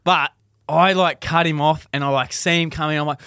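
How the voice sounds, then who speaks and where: A man co-hosting a podcast, telling a story in casual chat and loudly acting out the voices of the people in it. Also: fairly high pitch, fairly quick, smooth, no room sound, studio quality. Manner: animated, acts out quoted voices loudly. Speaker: podcast co-host.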